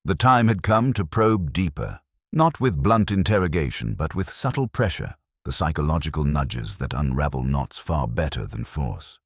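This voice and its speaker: A man giving scripted narration of a mystery in a measured storytelling manner. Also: a bass voice, expressive, breathy edge, no echo, studio quality.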